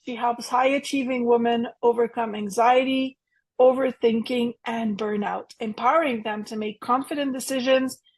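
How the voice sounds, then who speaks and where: A woman's voice: on the high side, steady tone, moderate pace, slightly rough. A woman hosting an interview, introducing her guest and asking questions with enthusiasm. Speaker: interview host.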